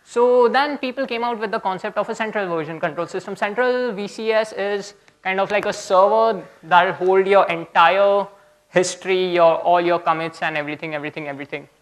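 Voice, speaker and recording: A man's voice: high voice, brisk. A young man giving a casual, chatty technical talk at a conference, often checking in with "okay?". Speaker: conference speaker.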